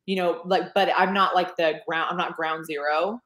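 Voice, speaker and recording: A woman's voice: fairly low pitch, fairly even intonation, moderate pace, fairly bright tone. A woman author chatting casually in an interview, self-deprecating and full of fillers, on a video call. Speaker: author guest. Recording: echoey room.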